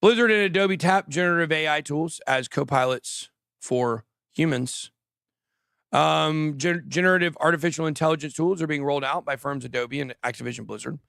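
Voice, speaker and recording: A man hosting a casual crypto livestream, talking quickly and jokily, often trailing off mid-thought. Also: a little high, vocal fry, fairly bright tone, smooth, no echo, studio quality. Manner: rambling, quick, jokey, trails off. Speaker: crypto show host.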